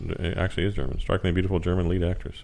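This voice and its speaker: Deep-voiced man dropping short remarks. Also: very fast, vocal fry, darkish tone, a little hiss or hum. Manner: brief interjections and quips. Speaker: podcast co-host. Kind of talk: casual chat.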